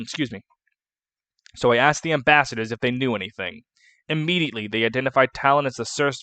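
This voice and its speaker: Man reading a kindly noble knight, calm, measured, earnest, dry sound. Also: medium pitch, dry recording, close to an everyday voice.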